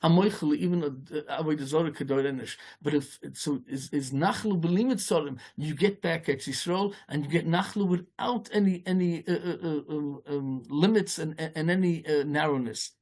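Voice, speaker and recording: A man giving an informal Torah talk as a rabbi. He speaks haltingly, with many restarts, and mixes Yiddish and Hebrew terms into his English. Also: darkish tone. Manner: storytelling, rising in pitch as the tale builds.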